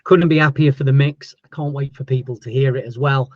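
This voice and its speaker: A man hosting a casual livestream chat as a label owner, chatty and thankful, his voice going hoarse. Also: mid-range voice, steady tone, a little fast, no echo, muffled recording. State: losing his voice.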